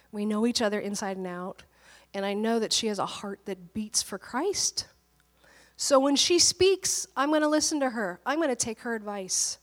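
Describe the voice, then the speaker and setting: A woman's voice: mid-range voice, long reverb tail. A woman pastor preaching in a conversational, storytelling way, often laughing as she talks. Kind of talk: conversational sermon.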